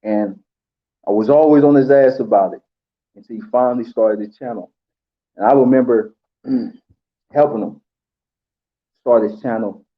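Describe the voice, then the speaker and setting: A man giving an emotional tribute, halting with pauses and fillers as he holds back tears. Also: medium pitch, lo-fi sound. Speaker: channel host.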